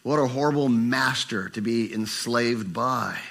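Bright-voiced older male preacher. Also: measured pace, vocal fry. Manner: animated, acts out inner voices with rising pitch. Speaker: pastor. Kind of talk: sermon.

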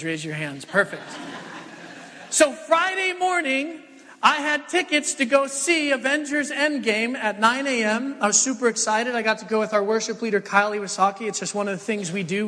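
A man in his thirties preaching a sermon as a pastor, earnest and animated, telling stories with sudden emotional dips. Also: high voice. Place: church sanctuary. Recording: long hall reverb.

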